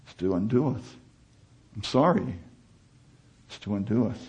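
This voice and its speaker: Husky-voiced man preaching a sermon. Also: fairly low pitch, expressive, normal speed, darkish tone, highs cut off. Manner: conversational preaching, rising to emphatic peaks.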